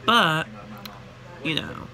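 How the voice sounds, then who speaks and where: A tired young man telling a chatty, animated story about his workday in a casual vlog. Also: on the high side, very slow, vocal fry. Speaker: vlogger and retail worker.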